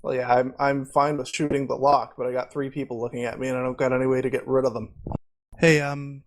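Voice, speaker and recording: A man's voice: medium pitch, level tone, fast. A man playing a tabletop game over voice chat, brash and demanding, often in character. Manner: brash, demanding, playfully rude. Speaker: player. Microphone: online voice chat mic.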